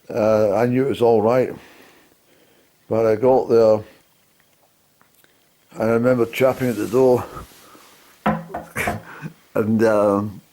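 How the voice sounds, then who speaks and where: Gravelly, dark-voiced man. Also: on the low side. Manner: halting, rambling, mild swearing. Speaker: hillwalker recounting a journey. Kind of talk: personal storytelling to camera.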